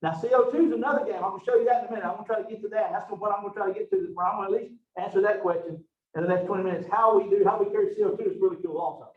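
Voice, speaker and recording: A man gives a loose, folksy classroom lecture, chatting and joking with his students as he goes. His voice sits high for a man. The room is echoey, he is heard from some distance, and the sound is dull and lo-fi. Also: fairly even intonation, racing. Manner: folksy and chatty, Southern phrasing. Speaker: college anatomy and physiology instructor.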